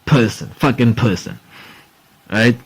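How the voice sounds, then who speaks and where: A man's voice: on the low side, takes it slowly, vocal fry, husky, rough recording. Rambling young man hosting a sports podcast. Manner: rambling, swears freely, says "bro" and "dude" a lot. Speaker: podcast host. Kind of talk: casual sports podcast rant.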